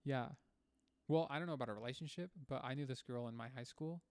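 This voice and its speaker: A man's voice: mid-range voice, fast talker, darkish tone, clean tone, no room sound. A young man co-hosting a podcast in casual chat, easygoing, laughing often and calling his friend dude and bro. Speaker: podcast co-host.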